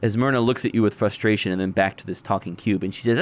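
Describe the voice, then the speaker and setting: A man running a tabletop game as game master, describing scenes in a relaxed way. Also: fairly low pitch, fast talker.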